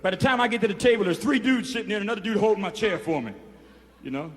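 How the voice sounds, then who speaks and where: A man's voice: high voice, racing. A man telling a rambling, profane story to a room of inmates, drawling and peppering every phrase with "you know", recorded for a 1970s film. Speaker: performer addressing inmates. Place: prison hall. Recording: reverberant hall, 1970s film sound.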